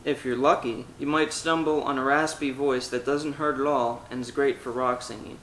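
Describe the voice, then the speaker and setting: A man with a steady, mid-range voice teaches vocal technique at a moderate pace, breaking the exercises into steps and demonstrating them with loud vowels and meows. The recording is rough and reverberant, with a little hiss or hum.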